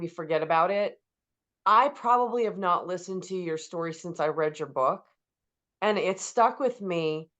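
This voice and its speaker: A woman's voice: medium pitch, highs cut off. A woman hosting an interview, talking enthusiastically and effusively, with lots of "like". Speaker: podcast host. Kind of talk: interview conversation.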